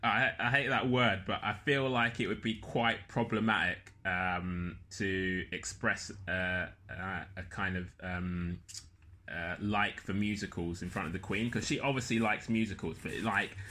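A man with a fairly low, bright and forceful voice, chatting. He rambles and pokes fun at himself, filling gaps with ums and likes, in relaxed comic banter. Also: measured pace. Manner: rambling, self-deprecating, lots of fillers. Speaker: podcast guest. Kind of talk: casual comedic chat.

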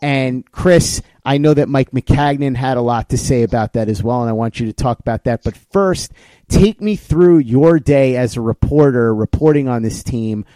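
Man, podcast host, warm mellow tone, dry close sound, excited storytelling. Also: mid-range voice, moderate pace, no room sound. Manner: excited storytelling, animated retelling. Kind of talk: casual podcast chat.

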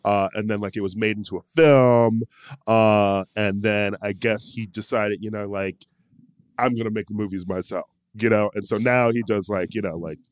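Male podcast co-host, low voice, rambling chatty delivery, dry mic. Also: steady tone, normal speed, smooth, no room sound. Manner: chatty, tangent-prone, laughs often. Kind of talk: casual chat.

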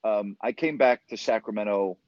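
A man's voice: fairly low pitch, normal speed, dry recording. Man, earnest, reflective, casual radio talk, dry close sound, dull lo-fi audio.

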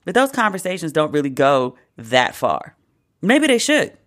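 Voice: medium pitch, normal speed. Host for comedic talk; blunt, swearing, sarcastic riffs in a mid-range voice. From United States. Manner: profane, sarcastic, with animated asides. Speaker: podcast host. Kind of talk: casual comedic commentary.

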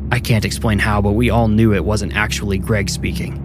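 A man narrating a scripted first-person horror story in a measured, low-key way. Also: flat delivery, noisy background. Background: music.

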